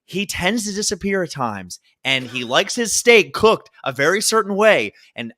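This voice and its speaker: Bright, animated joking man. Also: high-pitched, normal speed. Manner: joking, laughing storyteller. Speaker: podcast co-host. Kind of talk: casual chat.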